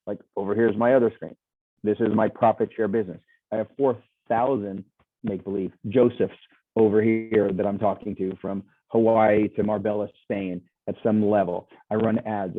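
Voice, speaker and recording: Over a tinny, phone-like video call, a man with a lowish voice gives a casual, enthusiastic sales presentation as a guest speaker. He rambles and restarts often. The audio is dry with no echo.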